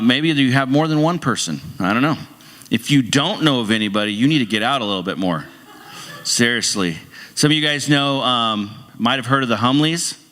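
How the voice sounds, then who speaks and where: A man's voice: medium pitch, pushed and bright. A middle-aged male pastor giving a casual, rambling sermon in a church, full of restarts and humorous asides. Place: church sanctuary. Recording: long hall reverb in a church.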